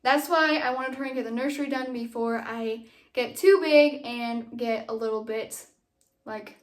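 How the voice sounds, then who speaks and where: High-voiced, breathless woman chatting to camera. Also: moderate pace. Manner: chatty and rambling, many fillers. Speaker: vlogger. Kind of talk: casual chat to camera. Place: home nursery, indoors.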